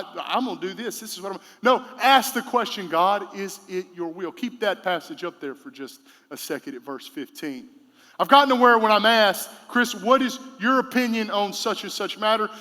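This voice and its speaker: Bright-voiced pastor preaching in a hall. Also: male voice, high voice. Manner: conversational preaching with sudden loud emphatic bursts. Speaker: senior pastor. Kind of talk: sermon. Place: church sanctuary.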